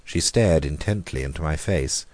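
A man narrating a horror story in a measured, grave reading, slowing down for dramatic moments. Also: extremely low pitch, a little mellow. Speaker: audiobook reader.

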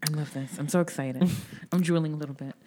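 A woman's voice: low voice, fairly even intonation, quick pace, mellow, a little hiss or hum. A woman from New York co-hosting a casual chat, enthusiastic and profane, often laughing. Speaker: podcast co-host.

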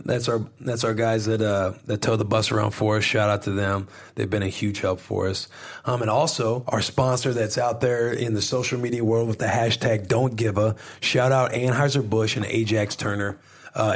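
A young man with a lowish voice hosts a podcast intro, loose and energetic. He rambles, curses freely and jumps between updates and sponsor plugs, talking from a hotel room. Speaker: podcast host.

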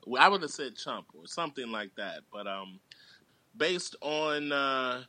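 A man's voice: medium pitch, very animated, measured pace, pushed and bright, no echo. A man, a podcast guest, recapping a film plot in a rambling, casual way with many filler words.

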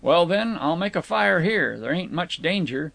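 A man's voice: fairly high pitch, expressive, normal speed, creaky, a bit bright, no room sound, exaggerated voice. A man reading an audiobook, voicing a mild-mannered, plain-spoken young man who tries to placate a companion. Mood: insistent. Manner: folksy, says "ain't", mild and placating.

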